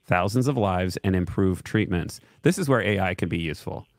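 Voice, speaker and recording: A man's voice: low-pitched, animated, fairly quick, dry recording. A man co-hosting a show, chatting about the news with wry, sarcastic quips. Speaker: show co-host. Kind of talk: casual news chat.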